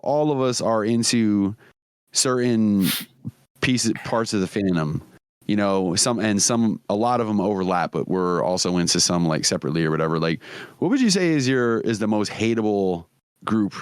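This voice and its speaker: Podcast co-host, male, low voice, loose and profane, dry close mic. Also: clean tone, no room sound. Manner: profane, laughing, rambling. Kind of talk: casual chat.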